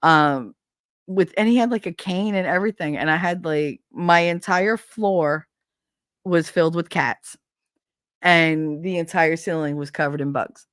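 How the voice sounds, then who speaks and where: A woman streamer chatting casually, telling rambling, animated stories, swearing freely and laughing often. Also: fairly low pitch, a little slow, no echo, clean studio sound. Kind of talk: casual storytelling chat. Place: home streaming setup.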